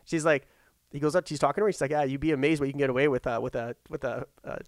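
A man's voice: mid-range voice, steady tone, racing, no echo. A man working as a safety consultant, telling a story in casual chat, rambling with lots of restarts and fillers.

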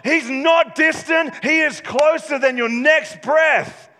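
A man preaching a sermon as pastor, passionate and building up to shouts at times. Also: very high-pitched, slow, big-room sound.

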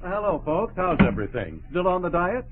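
A man's voice: sits high, big pitch swings, a little fast, background noise. A man playing a jaunty, wisecracking friend who teases and spins stories, in 1940s radio sitcom acting. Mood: teasing. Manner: jaunty, teasing, storytelling. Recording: tinny old radio broadcast, faint audience.

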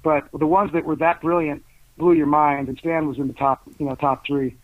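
A man's voice: on the high side, level tone, normal speed, no room sound. An older man, a guest author, telling long rambling stories in a casual interview, full of fillers and restarts. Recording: tinny phone-like dry sound.

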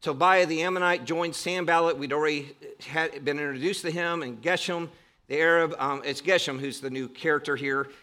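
A man's voice: on the high side, steady tone, moderate pace, bright, forceful tone. A man preaching a sermon as pastor, emphatic and exhorting with rhetorical questions.

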